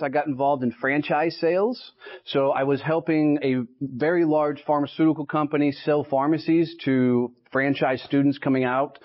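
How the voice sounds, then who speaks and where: Pitched on the high side, this Texan man in his late thirties works as a sales speaker, delivering a motivational talk at an association meeting. He tells punchy stories and keeps checking in with the crowd by asking "right?" The live recording sounds dull and lo-fi.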